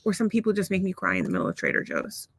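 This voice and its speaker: A woman's voice: mid-range voice, wildly swooping pitch, racing, a bit bright, a little hiss or hum. A middle-aged woman co-hosting a casual podcast, reading out listener comments and rambling with many restarts. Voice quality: rambling, frequent restarts, laughs often. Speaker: podcast co-host.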